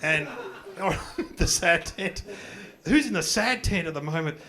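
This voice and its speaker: Middle-aged Aussie stand-up, high-pitched, self-mocking storyteller, audience laughter around him. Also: male voice, expressive, measured pace, crowd noise. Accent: Australian. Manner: rambling, self-mocking storytelling with acted-out voices. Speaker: stand-up comedian. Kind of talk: stand-up comedy. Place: comedy club stage. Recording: live comedy club with audience laughter.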